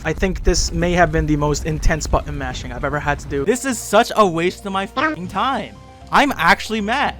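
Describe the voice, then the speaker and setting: High-voiced young man, exasperated reviewer. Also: fairly quick, a bit bright, soft background music. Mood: furious. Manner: exasperated, profane ranting. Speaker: anime and game reviewer. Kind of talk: comedic recap commentary.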